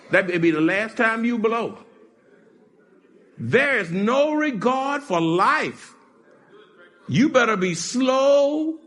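A man preaching a sermon in a lively, animated style. He swings from shouts to near-whispers, laughs often, and his has a sound. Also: very high voice. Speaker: pastor.

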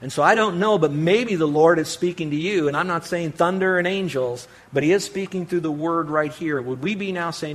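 A middle-aged man preaching a sermon, emphatic, swinging between loud declarations and hushed asides. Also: a little high, fairly quick, hardly any pauses. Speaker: pastor.

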